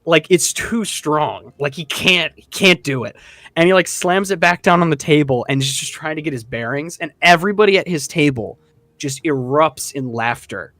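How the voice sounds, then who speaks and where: A man running a tabletop game as dungeon master, telling the scene in a casual, animated way with lots of fillers. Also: on the high side, moderate pace, no room sound.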